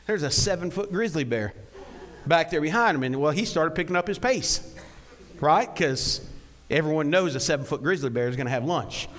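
A man preaches a sermon with animated storytelling and joking asides, often checking in with a quick "right?". His voice sits a touch high for a man. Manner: rhetorical questions, repeated "right?".

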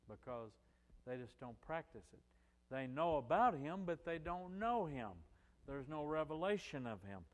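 An older man preaching a sermon, rising loud on key phrases and dropping to softer asides. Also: mid-range voice, long reverb tail.

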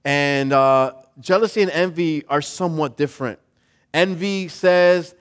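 High-voiced animated male preacher. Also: measured pace. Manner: casual, animated preaching with slang and repetition. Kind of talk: sermon.

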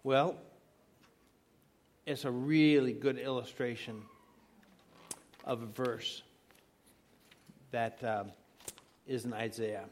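A middle-aged man preaching a sermon, stressing key words by slowing down and asking the listeners rhetorical questions. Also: mid-range voice, steady tone, slight background noise.

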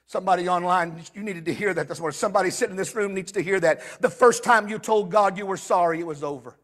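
Male pastor, very high bright voice, fiery sermon delivery that swings between loud and soft. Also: quick pace. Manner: impassioned preaching, swinging between shouting and hushed storytelling. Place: church sanctuary with a live congregation.

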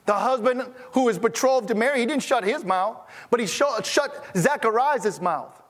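A man's voice: extremely high pitch, animated, normal speed, fairly bright tone, long reverb tail. A man preaching as a pastor, telling stories in a conversational way and often restarting his sentences. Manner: conversational, storytelling, stammering restarts. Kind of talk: sermon.

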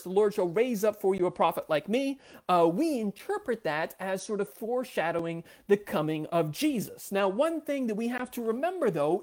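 A woman teaching a lecture on scripture in a mid-range voice. She talks thoughtfully, often pausing with fillers and restarting her sentences. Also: medium pitch, darkish tone. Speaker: biblical studies lecturer. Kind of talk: explanatory lecture.

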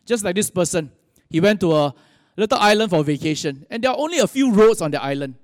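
High-voiced pastor preaching. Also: male voice, animated, fast, studio quality. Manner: conversational, asks the audience questions. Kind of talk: sermon. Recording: long hall reverb.

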